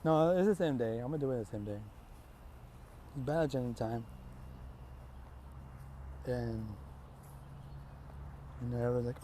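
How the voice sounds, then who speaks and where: Brief: casual young male storyteller, mellow voice, rambling slangy improvising. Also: mid-range voice, unhurried, long pauses, a little hiss or hum. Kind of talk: improvised fan story narration.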